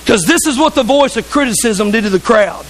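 High-pitched preacher. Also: male voice, animated, fairly quick, slight background noise, poor audio. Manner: fervent, conversational preaching with asides and laughs. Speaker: pastor. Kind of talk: sermon. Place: church.

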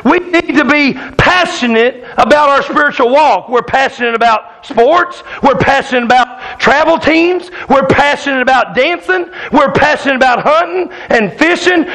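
Folksy high-voiced preacher. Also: male voice, poor audio. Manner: folksy, animated, draws laughs from the congregation. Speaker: pastor. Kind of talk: sermon with a storytelling hunting anecdote. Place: church sanctuary.

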